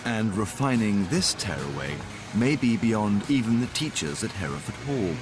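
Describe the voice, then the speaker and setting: Lively low-voiced male documentary narrator. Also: normal speed. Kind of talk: scripted narration. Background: music.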